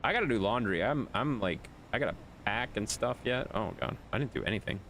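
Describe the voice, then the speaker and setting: A man with a fairly low voice and a lively, swooping delivery talks his way through a game stream. He banters with viewers, tells them off in mock exasperation, and narrates what he is doing in loose, casual talk. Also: fairly quick, a little hiss or hum. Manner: bantering, scolds and teases chat. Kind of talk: casual live-stream commentary while playing.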